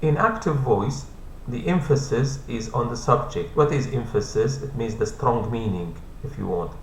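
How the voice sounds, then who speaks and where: A man teaching an English grammar lesson, repeating each point slowly and patiently, speaking English as a second language with Arabic as his first. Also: medium pitch, lively intonation. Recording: echoey room, faint hum.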